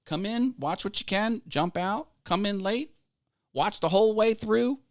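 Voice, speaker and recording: A man's voice: sits high, unhurried, dry recording, studio quality. A man hosting a casual live stream about growing a video channel, upbeat and chatty, laughing easily and thanking viewers. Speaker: YouTube coaching livestream host.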